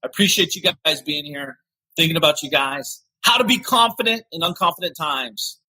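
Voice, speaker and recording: A man's voice: on the high side, normal speed, bright, forceful tone, no room sound, rough recording. A man hosting a podcast, giving an earnest, emphatic motivational talk and getting emotional as he speaks. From Ohio, USA. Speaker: podcast host.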